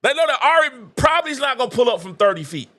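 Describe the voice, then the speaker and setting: A man hosting a live sports talk show, excitable and chatty, breaking into laughter and acting out conversations as he talks. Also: extremely high pitch, fast. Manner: excitable, laughs mid-sentence, acts out quoted exchanges. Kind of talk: animated live sports commentary.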